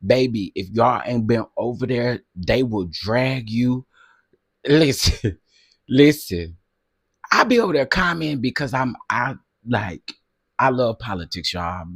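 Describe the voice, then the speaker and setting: A man chats with his livestream viewers, laughing often and talking straight to the chat. His voice is a little husky and swings widely in pitch. The sound is close and dry, with no room around it. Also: a little slow, dry recording. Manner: animated, laughs often, addresses chat directly. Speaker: livestream host.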